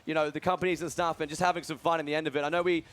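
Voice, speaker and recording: A young man doing live esports commentary, energetic and full of fillers. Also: a little high. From Australia. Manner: fast, energetic, many fillers. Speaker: esports commentator and event organizer.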